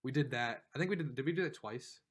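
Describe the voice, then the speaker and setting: A man's voice: mid-range voice, quick pace, fairly bright tone, slightly rough. A man co-hosting a casual podcast, telling a long, rambling story with frequent laughs and lots of "like". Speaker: podcast co-host. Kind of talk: casual chat.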